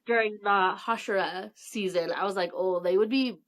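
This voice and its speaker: A woman's voice: mid-range voice, normal speed. A woman co-hosting a podcast in casual chat, using a lot of "like" and acting out characters' lines. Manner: fillers of "like", acts out characters' lines. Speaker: podcast co-host.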